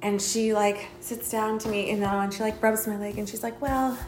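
A woman's voice: mid-range voice, fairly even intonation, normal speed. Woman co-host with a dry, wry delivery in casual chat; echoey room, faint noise. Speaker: podcast co-host.

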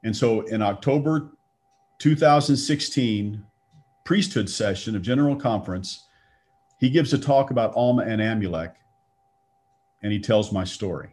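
A man's voice: on the low side, normal speed, long pauses, darkish tone. A middle-aged man from Texas, telling a personal faith story in a conversational way and acting out the quoted lines. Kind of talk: storytelling talk.

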